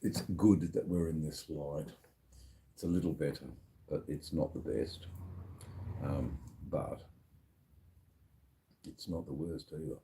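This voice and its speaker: Drunk man hosting a live stream: a very low, dark, mellow voice, slurred and rambling. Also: takes it slowly, pauses often, slight background noise. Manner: rambling, slurred, with lots of fillers. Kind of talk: casual live-stream chat. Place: sitting at a bar.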